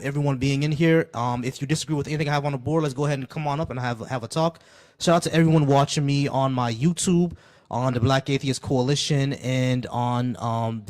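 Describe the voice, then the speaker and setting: A man hosting a live call-in debate stream, chatting casually with many fillers and restarts. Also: mid-range voice.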